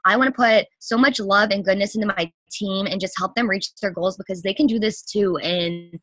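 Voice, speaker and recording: Bright, gushing young woman coach. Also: mid-range voice, no echo. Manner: gushing, rapid, breathless with enthusiasm. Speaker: fitness coach. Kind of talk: excited testimonial talk.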